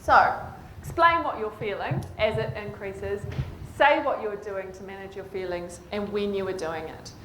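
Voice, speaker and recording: A woman's voice: medium pitch, normal speed, roomy sound, background noise. A woman, a clinician, giving a conference presentation and often checking in with the audience. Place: conference hall.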